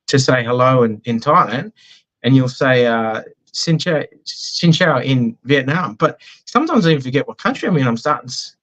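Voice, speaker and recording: A man's voice: medium pitch, fairly bright tone, rough recording. An Australian man chatting in an interview, telling anecdotes in a self-deprecating way. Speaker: business guest. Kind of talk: casual conversational interview.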